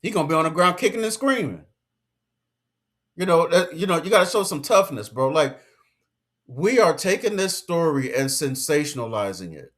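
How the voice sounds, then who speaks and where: Male commentator, slightly high voice, emphatic and lecturing, casual slangy rant. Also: very animated, normal speed, a bit bright. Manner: emphatic, lecturing, slangy, repeats his points. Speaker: commentary vlogger.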